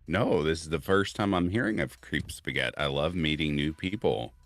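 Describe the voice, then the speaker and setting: A man co-hosting a casual horror podcast chat, friendly and upbeat, quick to laugh. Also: extremely low pitch, a bit bright, faint music behind. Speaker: co-host.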